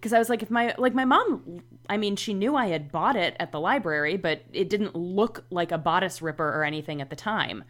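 A woman's voice: on the low side, lively intonation, fairly quick, fairly bright tone. A woman chatting casually about books, rambling with lots of fillers.

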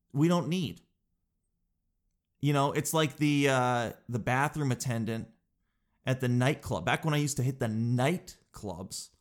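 Rambling, animated man in his thirties. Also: mid-range voice. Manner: rambling, animated storytelling, says "dude". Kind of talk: casual podcast monologue.

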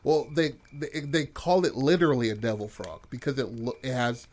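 A man's voice: mid-range voice, normal speed, darkish tone. A man hosting a podcast who tells an improvised story casually, rambling with lots of swearing and restarts. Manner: rambling and profane, full of fillers and restarts. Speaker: podcast host telling a story.

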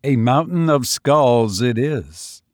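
A man voicing a calm, gentle male Bodhisattva who speaks in a reassuring way. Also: mid-range voice, slow, no room sound, clean studio sound.

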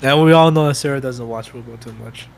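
A man in relaxed podcast banter, swearing easily and reacting to his co-host. His voice sits at an ordinary middle pitch. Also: fast, creaky. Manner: laid-back, profane. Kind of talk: casual chat.

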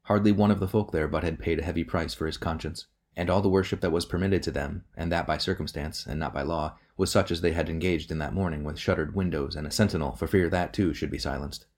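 A man narrating a novel as an audiobook in a measured, steady reading. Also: deep voice.

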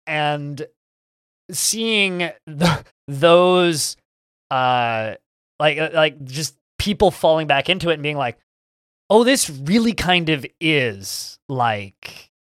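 A podcast co-host, a man with a slightly higher voice, chatting eagerly about games in a rambling way. He keeps stumbling and restarting mid-sentence. The recording is close and dry, with no room sound. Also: a bit bright, clean tone, no room sound. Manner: rambling and enthusiastic, with frequent stammered restarts. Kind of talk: casual chat about video games.

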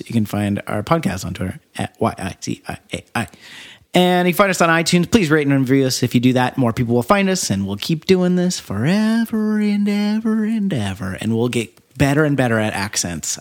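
A man's voice: medium pitch, expressive, a little fast. A man co-hosting a podcast in casual chat, rambling and laughing often. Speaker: podcast co-host.

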